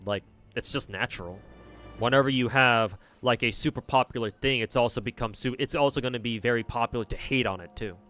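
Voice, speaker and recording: A man's voice: medium pitch, fairly quick, fairly bright tone, faint music behind. A man livestreaming a game, chatting casually and bluntly as he reads chat and plays, rambling and swearing freely. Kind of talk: casual commentary while playing and reading chat.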